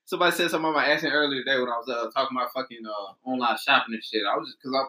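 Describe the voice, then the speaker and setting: A man's voice: mid-range voice, racing, pushed and bright. A man from Atlanta with a Southern accent, co-hosting a casual chat in a laid-back, profane way. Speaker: podcast co-host.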